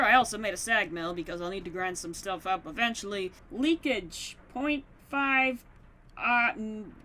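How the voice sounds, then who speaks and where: In casual let's-play commentary, this gamer narrates her modded game in a high, bright, pushed voice. She's playful, taunting mobs in mock-dramatic fashion and talking herself through her crafting.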